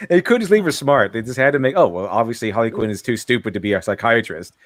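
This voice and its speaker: A man's voice: medium pitch, brisk, no echo. A man chatting on a stream, rambling, stumbling over his words and laughing often. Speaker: stream co-host. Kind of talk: casual chat.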